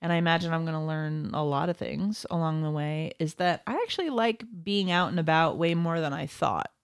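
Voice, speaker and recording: A middle-aged woman co-hosting a podcast, chatty and quick to laugh, often correcting herself mid-sentence. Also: low-pitched, clear, resonant tone, dry recording, studio quality. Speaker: podcast co-host. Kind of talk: casual chat.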